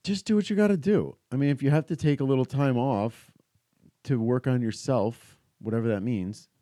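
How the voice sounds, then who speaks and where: A man co-hosting a podcast, talking in a low-key, hesitant way and stumbling over fillers. His voice is mellow and of middle pitch, recorded dry and close to the mic. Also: normal speed, no echo. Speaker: podcast co-host. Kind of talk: casual chat.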